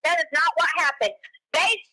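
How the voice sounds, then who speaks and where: A woman's voice: very high-pitched, expressive, normal speed, bright, forceful tone. A woman on a phone call, answering accusations in a defensive, curt way.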